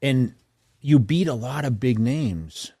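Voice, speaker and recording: Co-host: mid-pitched man, casual questions, dry close mic. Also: lively intonation, takes it slowly, warm tone, breathy edge, no echo. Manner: conversational, loose questions with fillers. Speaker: podcast co-host.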